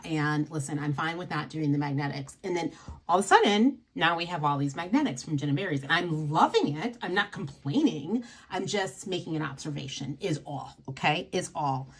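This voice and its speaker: A woman's voice: low voice, animated, normal speed, husky. A woman hosting a casual livestream, chatty and rambling with many fillers. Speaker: nail polish livestream host.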